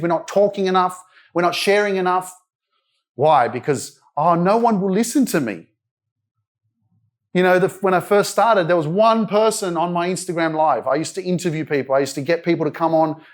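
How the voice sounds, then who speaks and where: A man in his thirties giving a blunt, emphatic live motivational speech at a wellness centre event, swearing freely as he pushes his audience. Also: on the high side. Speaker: motivational speaker.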